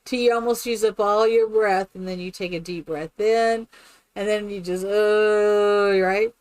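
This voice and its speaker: A woman streaming a game who chats casually and tells stories in an animated way. She laughs often and keeps asking "right?". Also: mid-range voice, normal speed, no room sound. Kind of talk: casual chat while playing a game.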